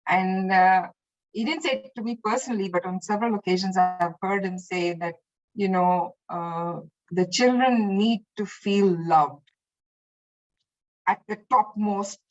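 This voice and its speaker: A woman guest chatting about memories of her teacher, animated and full of restarts. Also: medium pitch, unhurried, muffled recording. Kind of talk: casual spoken reminiscence.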